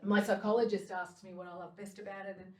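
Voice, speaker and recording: A woman's voice: mid-range voice, little pitch movement, quick pace. Middle-aged woman doing stand-up, roomy. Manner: chatty, self-deprecating, laughs often. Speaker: stand-up comedian. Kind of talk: stand-up monologue. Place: live stage venue. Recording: roomy, from a distance.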